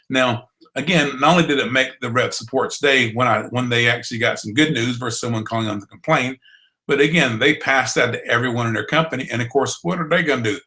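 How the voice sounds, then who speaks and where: A man's voice: medium pitch, brisk, pushed and bright, rough recording. A man with a Southern US accent and drawl, teaching a blogging course in a folksy, encouraging way. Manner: folksy, encouraging, repeats itself. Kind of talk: online training broadcast.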